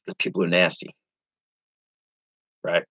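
Man, low voice, casual live-stream chatter, rambling, reads viewer comments, dry close sound. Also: level tone, unhurried, bright, forceful tone, breathy edge, dry recording, poor audio. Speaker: eBay reseller hosting a live stream.

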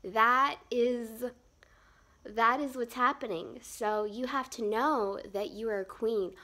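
Young female vlogger, slightly high-pitched, chatty and rambling, giggles often; casual phone live stream. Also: fairly even intonation, slow, sharp tone. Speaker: fashion vlogger. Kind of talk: casual outfit vlog.

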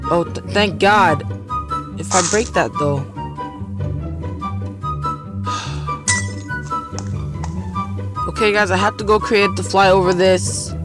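A man's voice: high voice, fairly even intonation, slow, long pauses. A man hosting a gaming video, chatting casually and reacting aloud as he plays. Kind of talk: casual gameplay commentary. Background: game music.

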